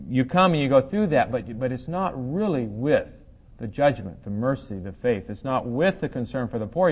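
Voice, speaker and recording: A man with a mid-range voice leads a verse-by-verse Bible study, explaining scripture conversationally and thinking aloud with fillers and restarts. The sound is lo-fi.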